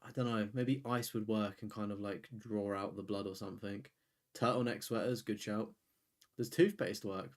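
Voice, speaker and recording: Man, live streamer, rambling chat, lowish voice. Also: fairly even intonation, normal speed. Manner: rambling, chatty, reads and answers chat. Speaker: streamer host.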